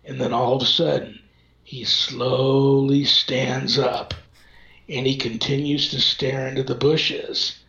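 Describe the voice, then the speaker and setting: A man's voice: mid-range voice, slow pace, gravelly. A man telling a long story in casual conversation, acting out the voices of the people in it as he goes. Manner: animated storyteller, acts out quoted dialogue. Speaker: paranormal investigator guest. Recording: echoey lo-fi remote audio.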